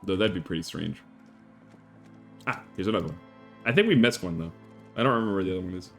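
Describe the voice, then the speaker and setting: A man streaming a game, chatting casually with an animated, rambling storytelling manner. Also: sits low, quick pace, gravelly. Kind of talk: casual chat while playing a game. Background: faint game music.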